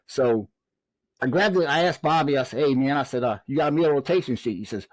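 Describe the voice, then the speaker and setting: Animated man telling a war story. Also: mid-range voice, brisk, no echo. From Southern United States. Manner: animated storyteller, acts out quoted dialogue. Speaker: guest, former prison officer. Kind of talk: storytelling in a podcast interview.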